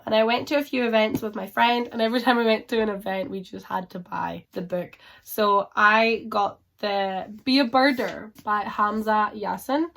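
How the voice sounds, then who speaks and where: A woman's voice: mid-range voice, gravelly, a bit bright. A woman book vlogger talking casually to camera at home, chatty and frank, rambling through her reading plans.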